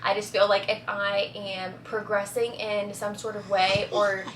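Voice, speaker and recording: Speaking at a mid-range pitch with a level tone and a slightly slow pace, a young vlogger chats casually and confidingly to viewers from inside her home. The mood is upbeat, and the echoey room carries faint noise.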